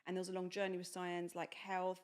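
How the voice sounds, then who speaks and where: Here a young woman with a fairly low voice and a brisk pace co-hosts a podcast. She recounts something that happened to her, animatedly voicing the quoted people in a relaxed, chatty way.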